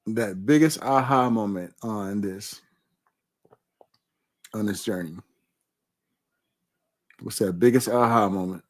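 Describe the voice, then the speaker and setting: A man hosting a casual live stream, reading viewer comments aloud and answering with slow, repeated affirmations. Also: on the low side. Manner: warm, repetitive, emphatic affirmations.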